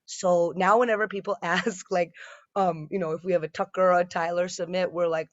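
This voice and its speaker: This thirty-something stand-up comedian delivers her stories in a chatty, self-mocking style, stumbling through plenty of fillers and restarts. She speaks fairly quickly in a fairly low, steady voice. The recording is dry, with the highs cut off.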